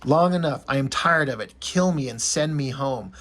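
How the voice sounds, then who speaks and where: A man's voice: medium pitch, moderate pace, fairly bright tone, natural voice. A man reading aloud the lines of a weary male demon prince who longs to die, in a somber, pleading way. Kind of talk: reading comic dialogue aloud.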